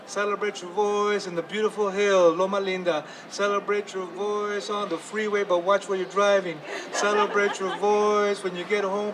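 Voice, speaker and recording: Older male poet, rhythmic chanting delivery, higher voice, outdoor street recording. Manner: chanting, rhythmic repetition, mixing in Spanish phrases. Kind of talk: spoken word poetry performance. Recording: distant mic, street noise.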